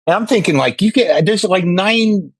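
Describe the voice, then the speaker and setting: A man's voice: high voice, moderate pace, breathy edge, dry recording, low-quality recording. A man in his sixties, a podcast guest, talking in a rambling, self-deprecating way with lots of restarts. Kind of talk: casual podcast chat.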